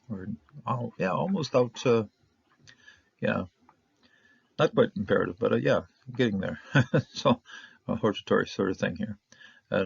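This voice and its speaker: A man teaching a casual Bible Hebrew lesson, halting and full of fillers, sounding out syllables one by one. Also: on the low side, vocal fry, breathy edge, no room sound, highs cut off.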